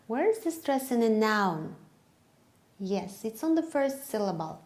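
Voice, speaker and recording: A woman with a Kyrgyz accent, a teacher trainer giving a methodology lesson to English teachers, speaking slowly and carefully and stretching words to show their stress. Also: a little high, very animated, a little mellow, a little hiss or hum.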